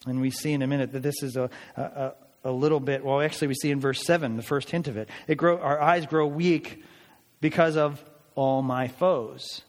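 A man's voice: mid-range voice, fairly even intonation, normal speed, in a large hall. A man preaching a sermon, earnest and building to emphatic declarations as he explains scripture. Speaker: pastor.

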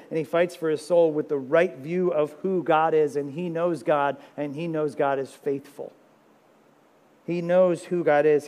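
A man pastor preaching a sermon, swinging dramatically between loud pleading and hushed, intimate stretches. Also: on the high side, big-room sound.

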